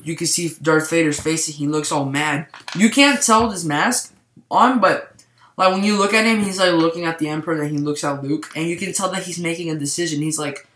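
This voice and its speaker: A man's voice: fairly high pitch, fairly bright tone. Rambling young-sounding man in an echoey room. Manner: rambling, heavy use of "like". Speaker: movie reviewer. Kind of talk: casual spoiler review.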